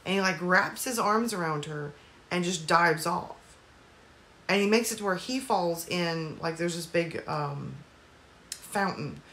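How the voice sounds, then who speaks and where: A woman's voice: on the low side, unhurried, fairly bright tone, a little hiss or hum. A woman casually recapping a movie's plot at home, rambling with lots of fillers and apologetic asides. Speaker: movie reviewer.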